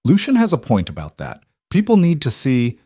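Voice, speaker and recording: A man's voice: mid-range voice, wildly swooping pitch, normal speed, dark tone, slightly rough, no echo, clean studio sound, voice pushed up. Male narrator as calculating young fiancée, composed pleading.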